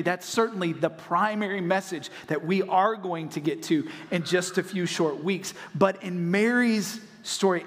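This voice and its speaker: A man from North Carolina, preaching a sermon as pastor and acting out voices in animated storytelling. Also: high voice. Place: church auditorium. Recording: long reverb of a large hall.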